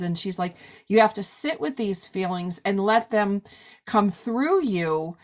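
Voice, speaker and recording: A woman's voice: medium pitch, animated, measured pace. Chatty woman podcast host. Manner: chatty, lots of "like" and "you know". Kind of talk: casual interview chat.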